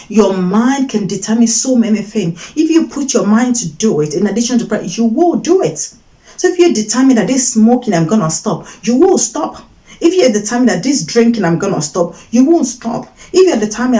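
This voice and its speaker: A woman's voice: medium pitch, expressive, moderate pace, warm tone, poor audio. A woman giving an earnest faith-based teaching talk, repeating her points for emphasis and acting out short quoted voices. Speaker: Christian teacher giving advice.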